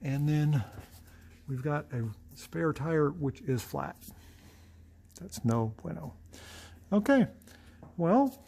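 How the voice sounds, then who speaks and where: Upbeat mechanic man, slightly high voice. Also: lively intonation, slow, creaky, long pauses, warm tone. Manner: chatty, thinks aloud, easily amused. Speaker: car mechanic showing a car. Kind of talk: casual walkaround commentary.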